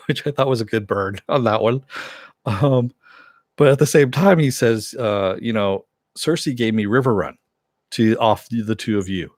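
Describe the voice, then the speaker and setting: A man with a low voice rambles casually through an episode recap, retelling the characters' lines in his own words. He leans on fillers and restarts. The sound is close and dry, with no room in it. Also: unhurried, pauses often, a little mellow, no room sound. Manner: rambling, many fillers and retold quotes. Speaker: TV show reviewer.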